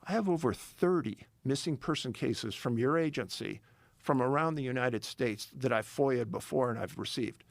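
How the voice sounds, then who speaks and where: A man's voice: mid-range voice, normal speed, creaky, dry recording. A middle-aged man telling a story in a casual interview, emphatic and building tension. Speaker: podcast guest, missing-persons researcher.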